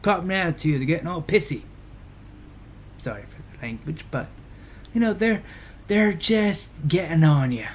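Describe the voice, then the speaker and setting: A man's voice: a little high, lively intonation, moderate pace, long pauses, a little hiss or hum. A young man in his early twenties talking casually to camera, giving parenting advice and asking rhetorical questions. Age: young adult. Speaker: vlogger.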